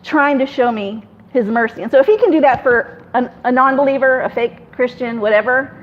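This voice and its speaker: A woman's voice: high-pitched, brisk, highs cut off. A woman casually telling a personal story, chatty, acting out other people in quoted dialogue. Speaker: guest telling her faith testimony.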